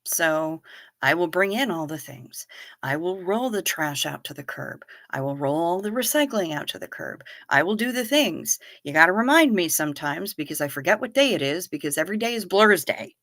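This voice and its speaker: A middle-aged woman hosts a casual livestream, telling stories straight to her viewers. Her voice sits fairly low but carries a forceful, tense edge. The sound is close and dry. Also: moderate pace, no room sound. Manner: animated storyteller, talks straight to viewers. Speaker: livestream host. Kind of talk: casual chat reading viewer comments.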